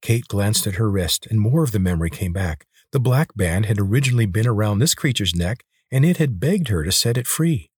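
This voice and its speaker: A low, husky male audiobook narrator tells a novel in steady, measured scripted narration, recorded with clean studio sound and no echo.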